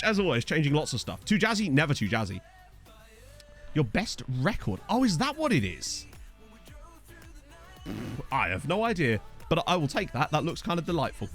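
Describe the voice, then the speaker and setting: A man's voice: on the high side, a bit bright. A man casually chatting on a live game stream, rambling, joking and thanking viewers as he plays. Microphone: desk condenser microphone.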